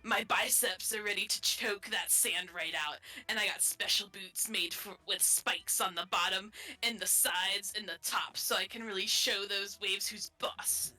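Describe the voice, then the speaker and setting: A cocky, swaggering daredevil who brags and taunts in a bright, sharp voice, as a woman streamer puts it on in live voice acting. Faint music sits under it. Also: medium pitch, steady tone, unhurried, low-quality recording. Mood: taunting. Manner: taunting, boastful. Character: cocky reckless thrill-seeking friend.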